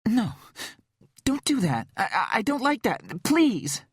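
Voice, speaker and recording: A man voicing a terrified young mother who pleads with a captor in a strained, high voice. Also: lively intonation, fairly quick, husky, dry recording, studio quality. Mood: panicked.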